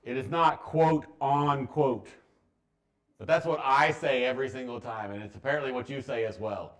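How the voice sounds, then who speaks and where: A man's voice: mid-range voice, fast talker, fairly bright tone. A man teaching a math class to students, talking in a joking, offhand way.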